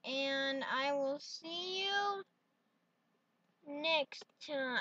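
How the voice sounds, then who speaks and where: A woman's voice: high voice, measured pace, bright, forceful tone, a little hiss or hum. A woman hosting a playful solo vlog, talking in a giggly, silly way full of exclamations. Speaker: vlogger. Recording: dull lo-fi dry sound.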